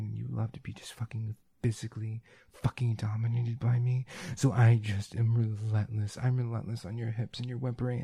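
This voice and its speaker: Gravelly, husky man in whispered role-play. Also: lowish voice, dark tone, no echo. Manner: intimate, breathy murmuring with frequent whispers and profanity. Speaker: erotic audio performer. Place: room indoors.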